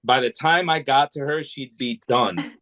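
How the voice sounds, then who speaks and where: A man's voice: medium pitch, animated, measured pace, sharp tone, rough recording. A man from New England, a podcast guest, telling long rambling anecdotes with many restarts in a casual way. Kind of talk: casual storytelling.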